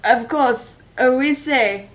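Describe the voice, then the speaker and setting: A woman reading the part of a flustered male airline captain in a casual script read-through, hesitant and fumbling as he spins a tall tale. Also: high voice. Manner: hesitant, fumbling, then rushing.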